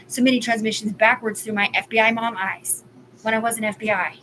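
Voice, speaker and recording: A woman's voice: fairly high pitch, steady tone, brisk, fairly bright tone, rough recording. A woman in her forties ranting on a live stream, rambling, agitated and profane. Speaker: livestream host. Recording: clear background ambience noise.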